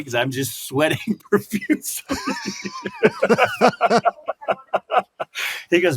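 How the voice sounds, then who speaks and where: A man in his fifties, a guest in a casual interview, telling stories in an animated way, acting out quotes and laughing often. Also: medium pitch, moderate pace, pauses often, slightly rough. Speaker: guest, former fighter and commentator.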